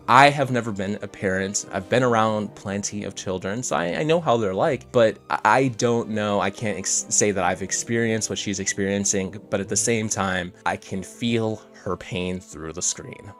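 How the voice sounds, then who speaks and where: Young guy reacting to clips, kinda low voice, swears a lot, just talking casual and blunt. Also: fairly quick, few pauses, faint music behind. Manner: blunt, swears freely, conversational. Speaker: commentary channel host.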